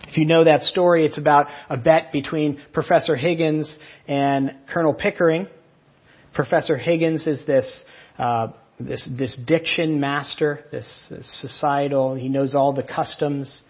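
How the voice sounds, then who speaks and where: A man's voice: a little high, husky, muffled recording. A man preaching a sermon, earnestly explaining and retelling a story. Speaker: pastor.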